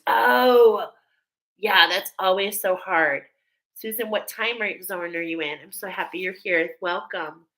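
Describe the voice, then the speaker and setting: A woman's voice: medium pitch, a bit bright, rough recording. A woman doing a live spiritual oracle card reading, effusive and exclaiming, often breaking into laughter. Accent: American. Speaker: tarot and oracle card reader.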